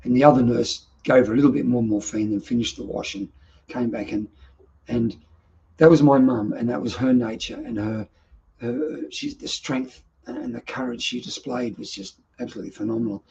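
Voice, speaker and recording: A man's voice: mid-range voice, big pitch swings, moderate pace, creaky, mellow, highs cut off, slight background noise. A middle-aged Australian man telling personal stories as a vlog host, in an earnest, emotional and reflective way. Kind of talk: personal storytelling monologue.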